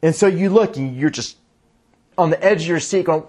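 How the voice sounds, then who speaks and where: A man preaching a sermon, reading scripture in a slower, lower voice and explaining it earnestly. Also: a little mellow. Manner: reads scripture in a lower, slower voice, then speeds up; earnest, restarts sentences. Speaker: pastor.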